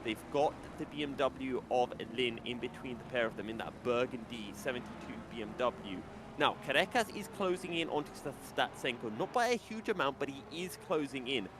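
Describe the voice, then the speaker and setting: A man's voice: medium pitch, lively intonation, brisk. Chatty male race commentator, noisy line. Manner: chatty, laughs easily, breaks down the race order. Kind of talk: sim racing commentary.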